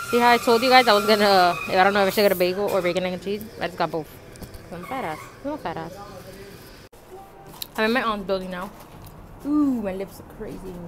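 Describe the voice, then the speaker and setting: A young woman from the Dominican Republic talks bluntly and chattily into her phone while she shops, swearing freely. Her voice sits at an ordinary pitch for a woman. Loud shop and street noise runs behind her. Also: a little fast, pauses often. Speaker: vlogger. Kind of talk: casual vlog narration. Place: stores and streets in a city. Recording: phone audio with loud public background noise.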